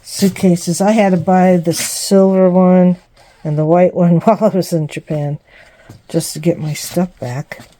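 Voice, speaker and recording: A woman's voice: on the low side, flat delivery, a little slow, mellow. A woman casually walking through her new home, chatting and rambling with fillers and small laughs. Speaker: vlogger giving a home tour. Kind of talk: casual home tour walkthrough. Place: small home indoors, bedroom and bathroom.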